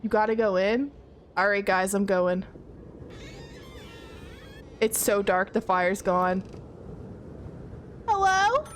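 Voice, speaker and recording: A woman's voice: mid-range voice, lively intonation, slow pace, long pauses, a little hiss or hum. A young woman streaming a horror game, jittery and talking to her chat as she checks things off aloud. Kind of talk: casual horror game let's play.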